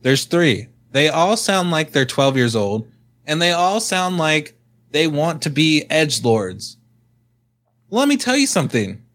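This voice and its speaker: A man's voice: a little high, animated, measured pace, a bit bright. A young man co-hosting a podcast, talking bluntly in crude, casual banter and trash-talking freely. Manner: blunt, swears, trash-talks. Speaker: podcast co-host.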